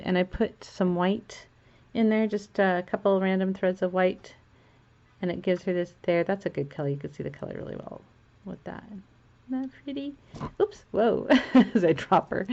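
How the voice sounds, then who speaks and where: A crafting vlogger with a mid-range, darkish voice chats and giggles her way through a casual knitting tutorial in a home video. She comes across as chatty and self-amused, and the audio is dull.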